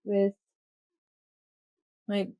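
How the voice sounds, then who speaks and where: A woman's voice: extremely slow, no room sound, studio quality. A young woman co-hosting a podcast, telling stories in casual chat, swearing freely and laughing often. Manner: profane, animated storytelling, laughs often. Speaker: podcast co-host.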